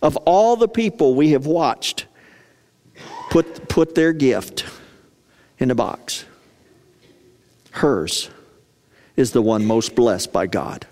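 A preacher voicing an animated, urgent Jesus as he points out a small gift to his disciples. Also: medium pitch, takes it slowly, long pauses. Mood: earnest. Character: excited earnest male teacher, Jesus. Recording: long reverb of a large hall.

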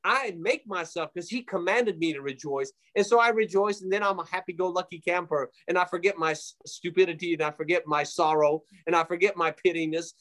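A man's voice: high-pitched, fairly quick, few pauses, fairly bright tone. A man giving a fervent preaching testimony as a guest, emphatic and repetitive, with frequent fillers.

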